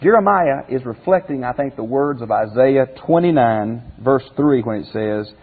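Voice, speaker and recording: A man's voice: medium pitch, animated, moderate pace, slightly rough, big-room sound, phone-quality sound. A man teaching a Bible commentary lesson as a pastor in a folksy way, asking his listeners rhetorical questions.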